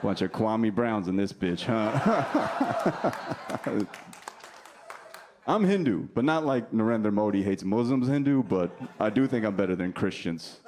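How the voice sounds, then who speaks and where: A male comedian from New Jersey performing stand-up, teasing the crowd in a deadpan way while telling stories. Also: fairly low pitch, unhurried. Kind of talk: stand-up routine with crowd work. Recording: live club recording with audience noise. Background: audience laughter.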